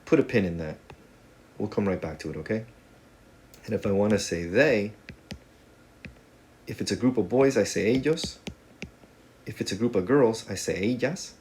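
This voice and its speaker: A man's voice: on the low side, expressive, moderate pace, pauses often, darkish tone, slight background noise. A man teaching a casual video lesson on Spanish grammar, talking in a conversational, joking way with playful asides.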